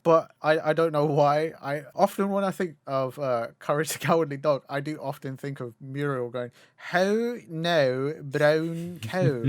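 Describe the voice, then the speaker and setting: A man's voice: on the high side, fairly even intonation, normal speed, hardly any pauses, clear, resonant tone, dry recording, clean studio sound. A young man co-hosting a podcast, reminiscing animatedly in casual chat, swearing freely and laughing as he talks. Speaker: podcast co-host.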